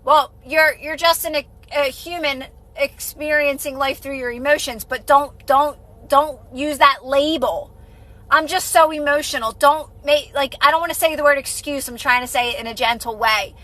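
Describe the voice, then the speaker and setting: A woman with a high, bright voice talks casually on a live stream. She repeats her points and reassures her viewers. She answers their comments as she goes. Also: moderate pace, rough recording. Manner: casual, repetitive, reassuring advice. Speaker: manifestation coach.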